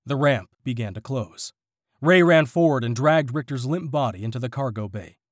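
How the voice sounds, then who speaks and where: A male narrator reads a story aloud in a steady, expressive way. His intonation is very lively. The recording is dry and close. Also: medium pitch, moderate pace, no room sound. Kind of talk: audiobook narration.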